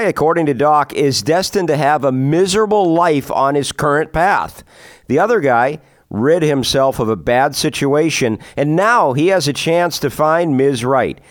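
A man with a fairly high voice reads a podcast intro briskly, in a promotional tone. The sound is dry and close, with no room around it. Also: no echo. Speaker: podcast host.

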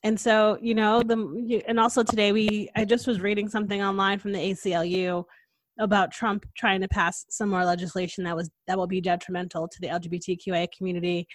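A woman hosts a podcast chat, talking with animated, outspoken earnestness. Her voice sits at an ordinary middle pitch. The sound is close and dry, with no room around it. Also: brisk, dry recording. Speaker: podcast host. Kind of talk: casual podcast conversation.

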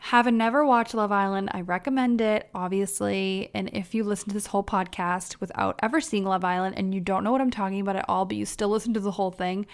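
Chatty young woman with a gravelly edge. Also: mid-range voice, fast, few pauses. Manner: chatty and animated, acting out quotes in her own voice. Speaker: podcast host. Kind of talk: casual solo recap chat.

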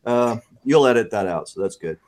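Lower-voiced man, halting storyteller. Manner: relaxed, many "uh" pauses. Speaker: podcast guest and author. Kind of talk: conversational interview answers.

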